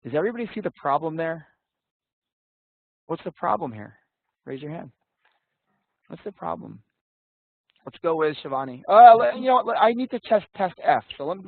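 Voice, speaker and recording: Casting: casual, blunt male instructor, slightly high voice, thin phone-like call audio. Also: big pitch swings, a little fast, long pauses, dry recording. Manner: casual, blunt, swears, quizzes students. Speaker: interview prep instructor. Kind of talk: online class teaching. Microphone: video call. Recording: tinny dry call audio.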